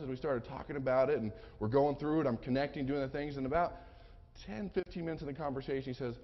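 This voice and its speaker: A man's voice: on the high side, lively intonation, brisk, slight background noise. A man giving a seminar talk, telling humorous personal stories and acting out the dialogue. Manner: humorous anecdotal storytelling, acts out dialogue. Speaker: sales and persuasion speaker. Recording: muffled lo-fi recording in a reverberant hall.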